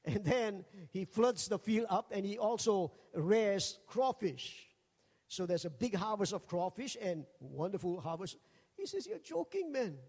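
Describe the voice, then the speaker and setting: A high-pitched man preaching from the pulpit, telling funny stories with lively energy. His voice rings out with a long hall reverb around it. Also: unhurried. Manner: jokey, animated, acts out quoted voices. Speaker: pastor. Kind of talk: humorous storytelling sermon.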